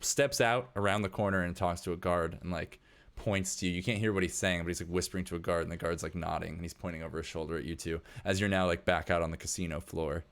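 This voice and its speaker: A man's voice: deep voice, fairly even intonation, fast talker. A man narrating casually as game master of a tabletop game. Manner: casual, rambling with fillers.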